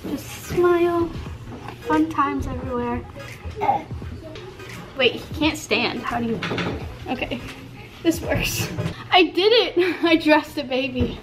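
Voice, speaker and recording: A woman's voice: high voice, a little slow, long pauses, over music. A young woman vlogging casually, bubbly and giggly, slipping into a sing-song voice for a baby and getting out of breath. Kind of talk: casual vlog narration.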